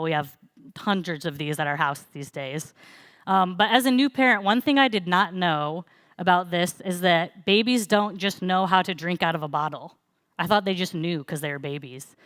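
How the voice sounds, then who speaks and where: A young woman talks through a church message in a loose, chatty way, as if telling friends a story. Her voice sits a little low and comes through smooth and resonant. The sound is dry and close. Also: normal speed, no echo. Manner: chatty, relaxed storytelling with laughs and fillers. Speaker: church speaker. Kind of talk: casual sermon talk.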